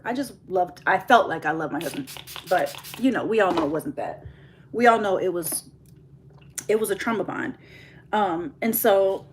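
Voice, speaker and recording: A young woman vlogger chatting candidly to her viewers in a get-ready-with-me video, telling a personal story and laughing at times as she talks. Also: medium pitch. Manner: candid, confessional, laughs while telling, addresses viewers as y'all.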